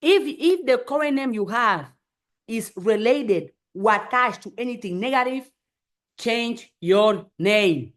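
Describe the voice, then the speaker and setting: Slow and animated, a woman with a slightly high voice leads a motivational live stream. She speaks with emphasis, repeats phrases for impact and acts out quoted voices.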